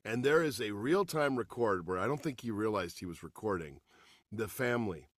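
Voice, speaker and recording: A middle-aged man and voice actor chatting as an interview guest, lively and prone to acting out quotes. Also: on the low side, moderate pace, no echo, studio quality. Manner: animated, slips into voices and shouts for quotes. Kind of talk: casual interview chat.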